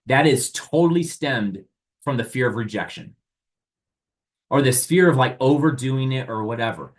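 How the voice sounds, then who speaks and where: Teaching an online sales training, a man speaks energetically straight to his audience, often asking rhetorical questions and playing both sides. His voice is medium-pitched at a normal speed.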